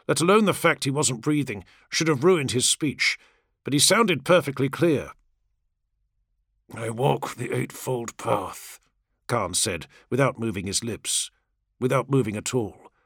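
A man reading a grim war audiobook in dramatic, expressive scripted narration. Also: medium pitch, breathy edge, no room sound, clean studio sound.

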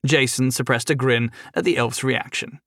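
A man reading fantasy fiction aloud as audiobook narrator, in an even, measured way. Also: mid-range voice, no echo, clean studio sound.

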